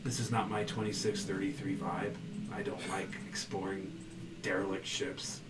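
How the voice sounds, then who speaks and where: Man player, low voice, wry jokes, distant echoey noisy sound. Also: little pitch movement, normal speed. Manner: joking, wry complaints.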